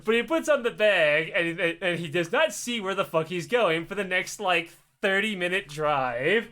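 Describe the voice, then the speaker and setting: High bright-voiced man telling a story. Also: lively intonation, moderate pace. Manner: swears often, acts out voices, laughs mid-sentence. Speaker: podcast host telling a story. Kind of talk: casual comedic storytelling.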